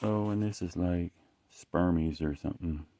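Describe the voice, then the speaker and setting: A man's voice: sits low, normal speed, warm tone, slight background noise. A man talking casually about his art in a rambling, profane way, often stopping and restarting mid-sentence. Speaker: artist showing his work.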